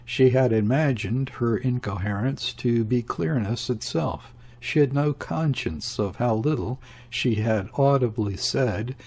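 Guy narrating an old novel audiobook, steady reading, kinda husky voice. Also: medium pitch. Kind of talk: scripted narration of a classic novel.

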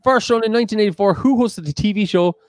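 A man's voice: sits high, fast talker, no echo. A man co-hosting a live-streamed quiz, reading questions and options aloud in a playful way. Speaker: quiz co-host.

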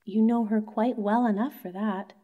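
A woman voicing an earnest young male clerk who pleads with his wife in a bedtime story, in a gently insistent manner. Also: medium pitch, fairly even intonation, normal speed, narrow, tinny audio, natural voice. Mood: coaxing.

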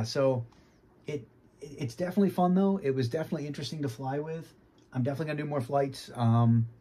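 Husky man with a faint Boston accent. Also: mid-range voice, darkish tone. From Boston, United States. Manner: easygoing, often clears his throat. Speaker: flight sim hobbyist. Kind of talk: casual review talk. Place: home flight sim cockpit.

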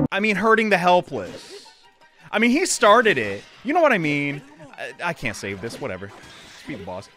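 A young man giving loud, excitable, jokey commentary as a let's play host. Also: medium pitch.

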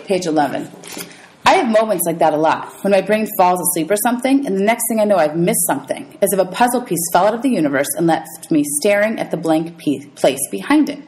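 A woman teacher reading a novel aloud to her students, telling it in a lively storytelling way. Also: mid-range voice, fairly quick, a little hiss or hum, poor audio. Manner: lively storytelling with voices for characters.

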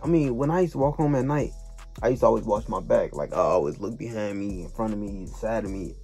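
Young man, low dark husky voice, slangy storytime vlog, faint music behind. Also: brisk. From Chicago. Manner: slangy, loose, repeats "you feel me". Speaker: storytime vlogger. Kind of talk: casual storytelling to camera.

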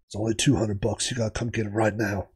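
A man voicing a pushy, secretive British male arcade dealer, talking in a hushed, urgent, salesman-like way with a British accent. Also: on the low side, flat delivery, fast talker, husky.

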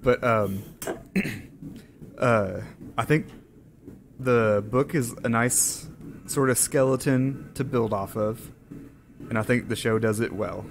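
A man co-hosting a podcast in casual chat, slightly hoarse from being sick, rambling with many hesitations. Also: medium pitch, slow pace, pauses often, slight background noise. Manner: rambling, hesitant, lots of ums. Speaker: podcast co-host.

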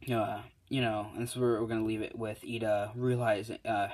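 A man's voice: fairly low pitch, flat delivery, fairly quick, a little mellow. A man casually retelling a fan-made story as a YouTuber, rambling with lots of fillers and self-corrections.

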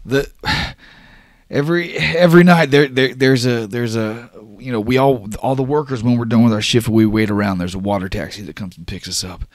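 A man's voice: mid-range voice, fairly even intonation, a little fast, no room sound, clean studio sound, pitched above the performer's own voice, close to an everyday voice. A man voicing a panicked young male rig worker who stammers and repeats himself, worried for his grandmother. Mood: anxious.

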